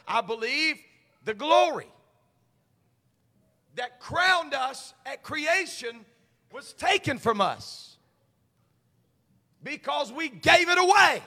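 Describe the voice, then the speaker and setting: A man delivers a fervent Pentecostal sermon in a high, bright, ringing voice. His preaching swells into shouts, and his words trail off into the long reverb of a church sanctuary. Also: very animated, takes it slowly, pauses often. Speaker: pastor.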